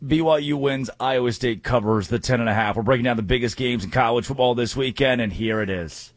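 A man hosting a sports talk show, giving energetic, opinionated picks and breakdowns. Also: medium pitch, fast talker, no room sound. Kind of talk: sports talk radio banter.

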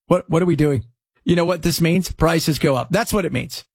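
A man hosting a political talk show, delivering sarcastic, animated commentary. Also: fairly high pitch, measured pace, slightly rough, no echo. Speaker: radio talk show host.

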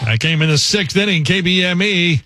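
A man hosting an overnight sports radio show, briskly reading scripted highlights. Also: bright, forceful tone, soft background music. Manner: brisk, smooth newsreader delivery.

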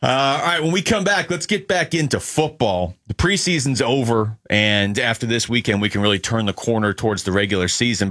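A man's voice: medium pitch, a bit bright, no room sound, clean studio sound. A man co-hosting a sports radio show, breaking down a team's troubles in an analytical, joking way. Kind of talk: sports talk radio banter.

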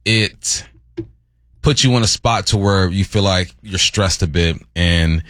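A man's voice: low voice, unhurried, fairly bright tone, dry recording. A man co-hosting a sports radio show in a studio, talking in an easygoing, teasing way. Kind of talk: casual sports talk. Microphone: studio mic with headphones.

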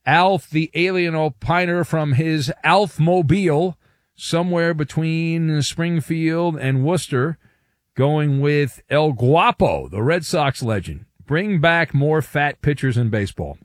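A man hosting a sports radio show, loud and jokey, reading listener messages over a music bed. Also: on the high side, slow pace, no room sound, studio quality. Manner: loud, jokey, sing-song. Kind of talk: sports radio banter and promo reads.

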